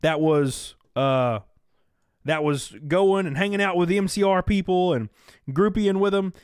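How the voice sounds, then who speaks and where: A man's voice: high-pitched, a little slow, smooth, dry recording, clean studio sound. A man hosting a casual livestream chat, talking loosely, laughing at his own jokes and reading out donations. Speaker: livestream host.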